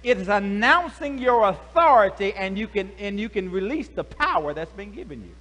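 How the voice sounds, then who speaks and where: A male pastor preaching a lively sermon, calling out to the congregation with casual slang. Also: sits high, moderate pace. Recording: echoey hall, faint hum.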